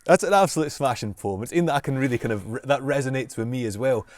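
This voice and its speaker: A Scottish man with a voice of ordinary pitch interviews a guest in easy conversation. He reacts with enthusiasm and prompts follow-ups. The recording is dry and close. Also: lively intonation, fast talker, no echo. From Scotland. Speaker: broadcaster and interviewer.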